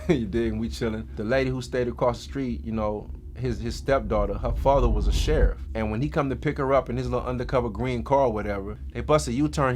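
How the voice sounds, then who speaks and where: A man recounting his past in casual street slang, mid-pitched and dramatic in his telling. There is a faint hum of ambience behind him. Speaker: guest storyteller. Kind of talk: first-person life story.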